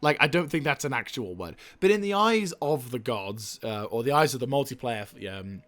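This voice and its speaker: A young man commentating his strategy game, swearing freely and venting frustration between calm planning. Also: mid-range voice, moderate pace. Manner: profane, ranting, venting frustration. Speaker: gaming YouTuber. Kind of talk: let's play commentary.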